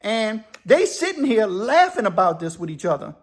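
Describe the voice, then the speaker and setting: A man's voice: sits high, very animated, moderate pace. A man telling a first-person prison story in a plain, conversational way.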